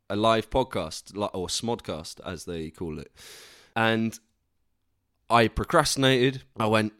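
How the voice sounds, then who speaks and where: A man's voice: low-pitched, fairly bright tone, clear, resonant tone, dry recording, clean studio sound. A young man hosting a solo podcast in a casual, rambling way, restarting often, swearing casually and putting himself down. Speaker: podcast host.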